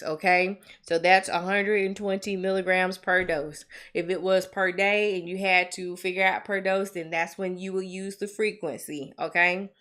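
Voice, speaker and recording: A woman with a Southern American accent tutoring nursing students through dosage calculations, in a lively, chatty and encouraging way that keeps checking in with her listeners. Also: on the low side. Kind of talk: live tutoring walkthrough.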